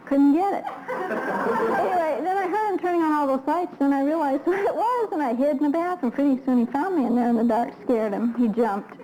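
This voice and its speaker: A woman's voice: sits high, a little fast, mellow, a faint crowd, a little hiss or hum, low-quality recording. A middle-aged woman speaking at a recovery workshop, telling self-deprecating stories with humor and laughing at her own anecdotes. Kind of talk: humorous personal storytelling lecture.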